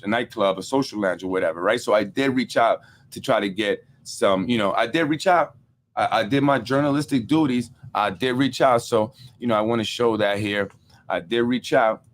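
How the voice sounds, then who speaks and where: A man hosting a casual political podcast, talking in an animated way, repeating himself and using street-casual slang. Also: medium pitch, slight background noise. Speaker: podcast host.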